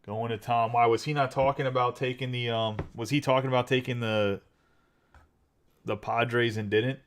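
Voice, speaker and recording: A man hosting a live card break, chatting casually and rattling off names quickly. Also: medium pitch, steady tone.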